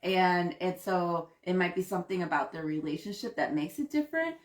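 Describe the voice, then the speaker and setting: A woman's voice: on the low side, a little fast. A woman co-hosting a casual chat show, talking frankly and often laughing or trailing off. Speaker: podcast co-host. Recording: echoey room.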